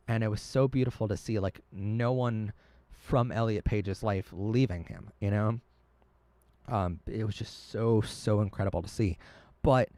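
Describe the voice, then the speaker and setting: A man's voice: lowish voice, normal speed, a little mellow, dry recording. A man hosting a live stream, talking earnestly and emotionally, often stumbling and restarting his words. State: tearing up. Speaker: livestream host.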